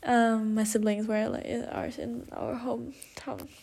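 A young woman hosts her own podcast in a loose, confessional chat, drifting between thoughts with lots of fillers and self-corrections. Her voice sits a touch high and she takes her time, speaking slowly and openly about her feelings. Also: little pitch movement, gravelly, darkish tone, slightly rough. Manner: emotional, confessional, laughs often. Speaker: podcast host. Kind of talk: casual solo podcast chat.

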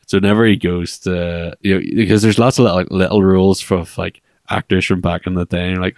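Podcast co-host, man, very low gravelly voice, dry close mic, rambling casual delivery. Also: level tone, fast, few pauses, a little mellow, dry recording. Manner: rambling, many fillers and restarts. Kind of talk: casual chat.

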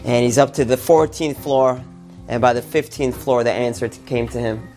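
A man telling a religious story and drawing its lesson, with animated emphasis on key words. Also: medium pitch, normal speed, faint music behind.

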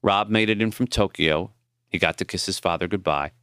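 A man reading his own memoir as audiobook narration, measured and tender. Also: deep voice, fairly bright tone, clean tone, no room sound, clean studio sound.

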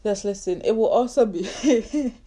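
A woman's voice: fairly high pitch, expressive, moderate pace, mellow. A woman in her twenties with a Nigerian accent, hosting her own podcast in a casual, sarcastic, bantering way. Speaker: podcast host. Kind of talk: casual solo podcast chat.

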